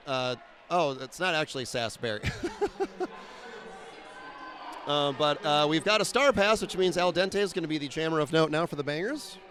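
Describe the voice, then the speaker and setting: A man calling live roller derby action with a slightly high voice and a quick, wry delivery. He fills gaps with "uh" and jokes at his own expense. Faint venue noise sits behind him. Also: a bit bright. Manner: quick, wry, self-deprecating play-by-play with frequent "uh" fillers. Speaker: play-by-play announcer. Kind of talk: live sports commentary.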